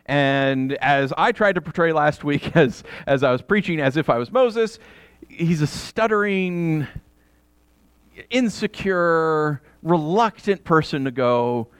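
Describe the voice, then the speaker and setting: A man's voice: fairly high pitch, measured pace, smooth, no echo. Conversational man preaching a sermon. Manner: conversational preaching with asides and laughter. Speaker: pastor.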